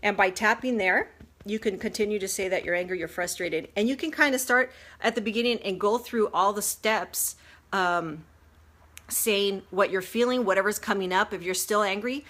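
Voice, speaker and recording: On a phone or webcam livestream, a life coach with a grown daughter teaches casually, speaking at normal speed in a medium-pitched, slightly bright voice. She is earnest and chatty, explaining step by step with lots of fillers and restarts.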